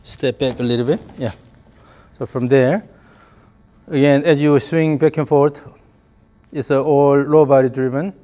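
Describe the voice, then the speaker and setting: A man's voice: medium pitch, fairly even intonation, a little slow, pauses often, mellow. Man coaching, chanting rhythmic cues. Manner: instructive, repeats short rhythmic cues. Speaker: golf coach. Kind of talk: hands-on coaching lesson.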